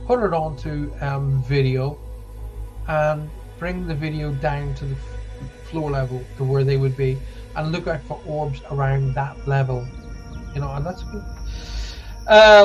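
A man's voice: a little high, poor audio. Chatty Irish man, rambling livestream host. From Ireland. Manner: chatty, rambling, warmly reassuring. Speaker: psychic medium and livestream host. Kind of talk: casual livestream chat reading viewer comments.

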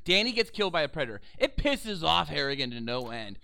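A young man co-hosting a podcast, excitable and profane, who eagerly retells movie scenes. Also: on the high side, fast talker, gravelly, no room sound. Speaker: podcast co-host. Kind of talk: casual chat.

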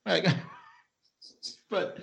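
A man, chatting casually as a podcast co-host and acting out scenes as he retells them. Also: very slow. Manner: animated, acts out characters' lines while retelling scenes. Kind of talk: casual chat recapping a TV episode.

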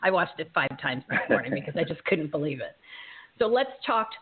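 A woman in her late forties hosting a live show, chatty and excitable, laughing often. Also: low voice, a little fast, husky. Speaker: host. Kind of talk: casual live show chat. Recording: tinny phone-like line.

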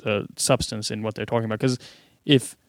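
A man's voice: fairly low pitch, steady tone, a little fast, no room sound. A man co-hosting a podcast, blunt and jokey in casual chat. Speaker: podcast co-host.

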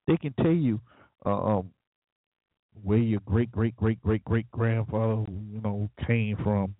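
A man's voice: lowish voice, slow pace, no room sound. A man hosting a talk show, delivering an opinionated monologue with sarcastic, preachy remarks and chuckling asides. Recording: tinny phone-like, dry.

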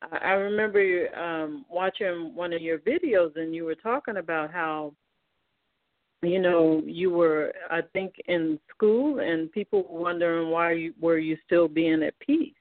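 A woman host and minister interviewing a guest on a faith talk show, affirming and asking slow-building questions. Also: on the low side, no room sound. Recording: dry, tinny phone line.

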